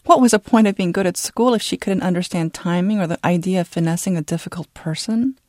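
An audiobook narrator, a woman, reads a novel aloud in a steady, measured storytelling style. Her pitch is fairly low, and the studio sound is clean without echo.

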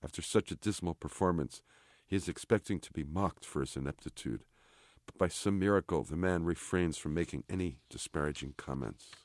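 A man, the author, reading a chapter of his novel aloud in a measured, even way. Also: deep voice, dry recording, clean studio sound. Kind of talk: literary reading.

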